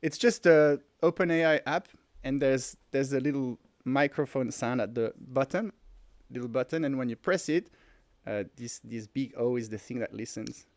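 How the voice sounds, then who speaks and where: A man in his forties with a French accent, co-hosting a casual livestream and talking in an excited, rambling way with many restarts. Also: mid-range voice, normal speed, no echo, clean studio sound. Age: 40s. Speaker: podcast co-host. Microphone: headphones and close mic.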